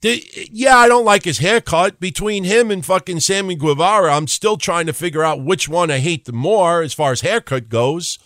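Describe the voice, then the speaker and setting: A man hosting a solo wrestling podcast, ranting in an animated, profane way at a desk microphone and mocking people in put-on voices. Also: high voice, normal speed, hardly any pauses, no echo, studio quality. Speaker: podcast host.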